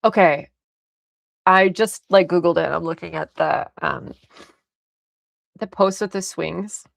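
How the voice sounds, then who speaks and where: A young woman streamer casually telling a story, animated, often laughing and swearing freely. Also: lowish voice, takes it slowly, vocal fry, no echo, studio quality.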